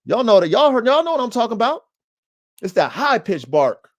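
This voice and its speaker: Animated man with a lively voice. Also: extremely high pitch, brisk, muffled recording. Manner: animated, talks straight to listeners as "y'all". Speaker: dog trainer podcast host. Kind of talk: casual livestream talk.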